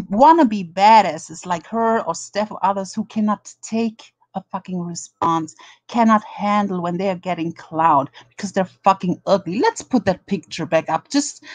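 A woman's voice: mid-range voice, no room sound. A woman with a German accent hosting a live drama commentary stream, greeting chatters and mocking rivals with lots of swearing. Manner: profane, mocking, greets viewers one by one.

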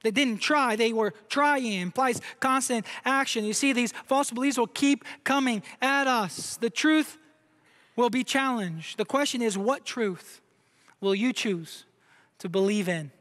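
Man from brazil preaching in a church, pretty high voice, lots of hall echo. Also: measured pace, fairly bright tone. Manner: emphatic preaching, asks the crowd questions. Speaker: pastor. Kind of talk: sermon. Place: church sanctuary. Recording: long hall reverb.

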